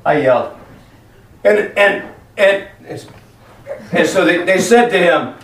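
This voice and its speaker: A man preaching a lively sermon in a church hall, acting out voices as he tells stories. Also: high voice, slow. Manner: animated, acts out voices in stories. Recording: echoey hall, from far off, faint noise.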